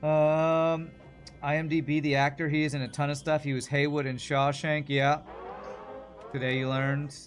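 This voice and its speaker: A man's voice: fairly high pitch, flat delivery, moderate pace, soft background music. A man streaming a video game, chatting casually and answering viewer questions while he plays. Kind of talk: casual gameplay commentary.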